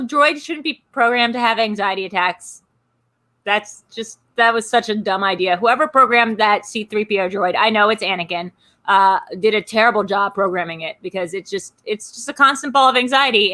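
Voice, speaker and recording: Bright-voiced woman hosting a live stream. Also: mid-range voice. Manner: ranting, quick asides. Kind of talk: casual chat.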